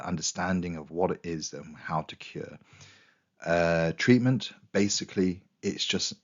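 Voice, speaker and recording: A man's voice: deep voice, lo-fi sound. A man giving a casual history revision lesson, chatty and full of restarts, and he is losing his voice. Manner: chatty, with quoted asides and restarts. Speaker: history teacher.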